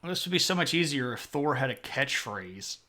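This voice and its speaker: A man's voice: medium pitch, expressive, brisk, bright, forceful tone. A man streaming live, chatting casually with viewers in a playful, self-mocking way. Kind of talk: casual chat reading viewer comments.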